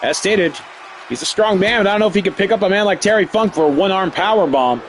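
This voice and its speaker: A man streaming live, calling a wrestling video game play by play. He yells, swears and laughs at the action. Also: high-pitched, fast talker, slight background noise. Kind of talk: excited live play-by-play commentary.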